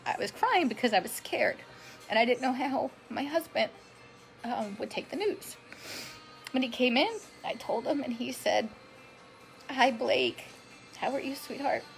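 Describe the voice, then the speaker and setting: Woman, 40s, live-streamer; chatty, emotional storyteller who talks straight to her viewers, voice sitting a little high, faint music underneath. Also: lively intonation, normal speed, creaky, poor audio. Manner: chatty, greets viewers by name mid-story; emotional, self-described drama queen. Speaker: vlogger sharing her health story.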